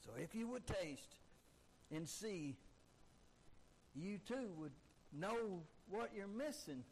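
A man's voice: sits high, expressive, takes it slowly, slight background noise, rough recording. A man preaching a sermon emphatically, driving his points home with repeated rhetorical questions. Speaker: pastor.

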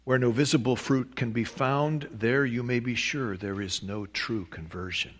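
A man's voice: medium pitch, measured pace. A man preaching a sermon, reading a long quotation and stressing key words with emphatic rises. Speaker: pastor.

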